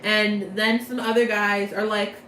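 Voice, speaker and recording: A woman's voice: medium pitch, level tone, a little slow, a bit bright, echoey room, a little hiss or hum, low-quality recording. A young woman giving a casual plot recap from memory, chatty and slangy, rambling playfully. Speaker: vlogger.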